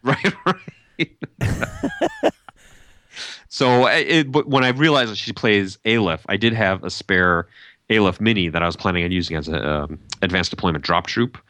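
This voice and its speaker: A man's voice: deep voice, fairly quick, sharp tone, no echo, clean studio sound. A man hosting a casual hobby podcast, chatty and easygoing, laughing easily as he talks. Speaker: podcast host and tournament organizer. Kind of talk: casual chat.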